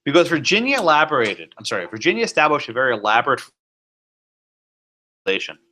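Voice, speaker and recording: A man, a law professor, giving a classroom lecture, animated and sometimes sarcastic, putting questions to students. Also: mid-range voice, quick pace.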